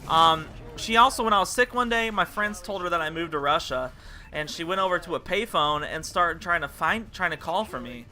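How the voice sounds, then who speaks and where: A man's voice: a little high, expressive, brisk, pushed and bright. A young man telling stories over gameplay in a rambling, casual way. He often restarts his sentences and trails off. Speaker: gaming channel host.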